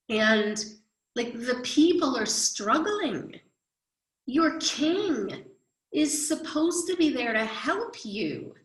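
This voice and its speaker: Slow-talking woman teacher in echoey room. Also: a little high, a bit bright. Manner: chatty, explains with everyday examples. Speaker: history teacher. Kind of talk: recorded classroom lecture.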